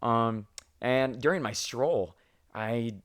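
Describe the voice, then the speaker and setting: A man's voice: medium pitch, takes it slowly. A young man hosting a podcast, telling crude, self-mocking stories in casual chat and swearing freely. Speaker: podcast host.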